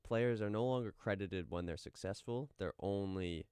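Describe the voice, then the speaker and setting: A man's voice: lowish voice, moderate pace, a little mellow, clean tone, dry recording, clean studio sound. A young man co-hosting a casual sports radio talk show, wry and teasing. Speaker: co-host. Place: radio studio. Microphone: studio microphone.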